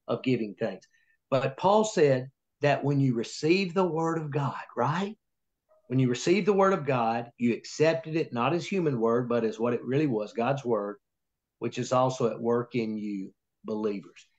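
A man leading a Bible study in a folksy, preacherly way, often checking in with "right?". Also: mid-range voice. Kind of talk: informal sermon-style Bible teaching.

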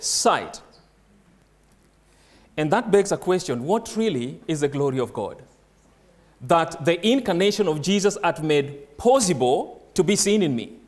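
Man, non-native English speaker, high voice, preaching a sermon, slow emphatic scripture reading, asks and answers questions. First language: not English.

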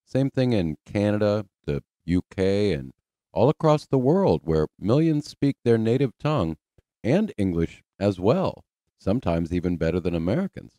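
A man's voice: on the low side, mellow, no room sound. A man hosting a rebuttal commentary, delivering dry, sarcastic remarks. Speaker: channel host.

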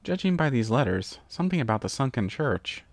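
A man's voice: mid-range voice, sing-song, a little fast, creaky, no echo. A man voicing a blunt, stubborn female pony who is an adventurous archaeology professor, in a storybook reading.

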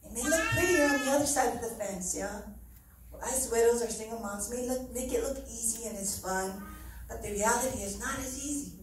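A woman's voice: fairly high pitch, brisk, slight background noise. A middle-aged woman giving an earnest, heartfelt church testimony, often laughing as she speaks. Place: church hall. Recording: very echoey hall, mic from far off.

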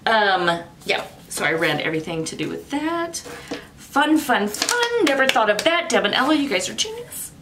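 Rambling chatty woman with lively pitch. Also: measured pace, background noise. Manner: rambling, chatty, laughs often, swears casually. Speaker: vlogger. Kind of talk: casual unboxing chat.

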